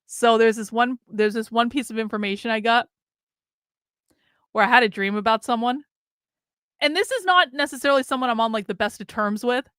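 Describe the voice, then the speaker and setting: A woman's voice: on the high side, fairly quick, long pauses, a bit bright, smooth, dry recording, clean studio sound. A woman streaming a casual, candid monologue, swearing freely and laughing often, with an American accent. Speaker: streamer and commentator.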